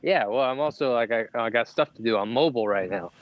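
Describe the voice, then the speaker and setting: A man chatting on a podcast from his greenhouse, sounding a little distant and muffled through his wireless earbuds. His talk is relaxed and full of jokes, with an easy, middling pitch. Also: fast. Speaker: podcast co-host. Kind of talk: casual chat. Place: home greenhouse. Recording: dull muffled earbud audio.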